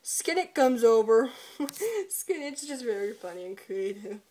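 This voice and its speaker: A woman with a slightly high voice rattles through a joking episode recap. She is irreverent and giggly, swearing often and breaking into laughter. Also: expressive, measured pace, a little mellow. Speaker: video reviewer.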